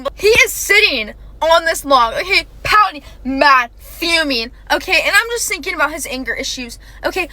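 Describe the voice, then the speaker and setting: High, bright young woman telling a story. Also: no room sound. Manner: dramatic, emphatic, chatty with fillers. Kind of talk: casual storytime.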